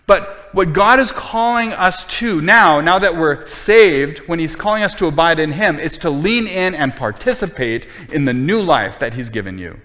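Male pastor, sermon delivery, earnest and emphatic with repetition; higher-pitched voice, long hall reverb. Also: expressive, normal speed, few pauses, a bit bright.

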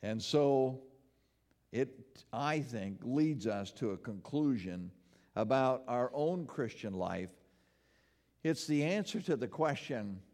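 A man preaching a sermon as pastor, earnest and emphatic, rising on questions and dropping low to land his points. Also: expressive, takes it slowly, darkish tone. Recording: long hall reverb.

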